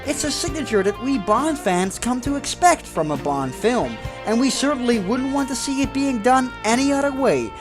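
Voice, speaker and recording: A Dutch man narrates his fan video in English with an earnest, enthusiastic delivery. His voice moves up and down a lot, at a middling pitch. Clear music runs under him. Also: lively intonation, moderate pace, few pauses. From Netherlands. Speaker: channel host. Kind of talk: scripted narration.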